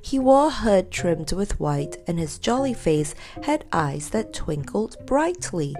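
A woman reads a children's storybook with a lively, expressive voice that rises and falls widely. Her tone is mellow and gentle, with faint music playing behind her. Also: on the low side, takes it slowly. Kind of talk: storybook reading.

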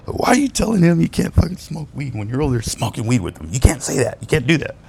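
A man's voice: medium pitch, very animated, fast talker, gravelly, a little mellow, slightly rough, pitched above the performer's own voice, full character voice. A man putting on the voice of his angry ex-partner, a woman scolding him in a raised, exasperated tone.

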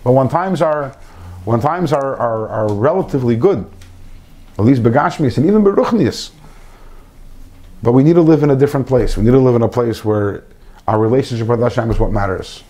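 A man's voice: medium pitch, fairly quick, dark tone. A man giving an informal Torah lesson to a small group, earnest, repeating phrases and mixing in Hebrew terms. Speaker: Torah class teacher.

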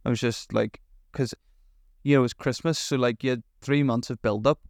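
A man's voice: mid-range voice, steady tone, moderate pace, darkish tone, no room sound, studio quality. A young man, telling stories in a rambling way with lots of fillers and swearing as a podcast co-host. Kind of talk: casual chat.

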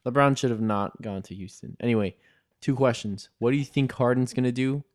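A man with a mid-pitched voice chats casually with a friend. He speaks in a relaxed way and keeps his questions short. His tone stays easygoing throughout. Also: a little fast. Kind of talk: casual chat.

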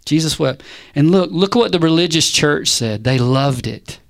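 A man preaching a sermon, animated and punchy, firing rhetorical questions and calls back to the congregation. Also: on the high side, normal speed, creaky.

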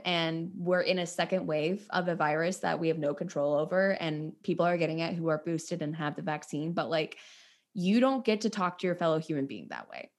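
A young woman co-hosting a casual chat, blunt and outspoken, swearing freely and telling stories with acted-out quotes. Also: on the low side. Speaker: podcast co-host.

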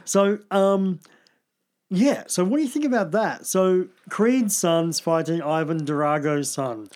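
Brief: man, podcast co-host, fairly high voice, teasing quick banter. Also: a little mellow. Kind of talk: casual podcast chat.

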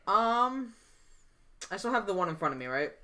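A man's voice: high voice, very animated, moderate pace, sharp tone. A man playing a tabletop game, hesitant and self-mocking. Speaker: player. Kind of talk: casual tabletop play.

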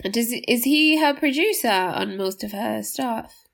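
A young woman, co-hosting a relaxed podcast chat. She talks slowly and teases the others. Her voice sits a touch higher than usual, and she laughs a lot. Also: gravelly. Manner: laid-back, teasing, laughs a lot. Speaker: podcast co-host. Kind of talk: casual chat.

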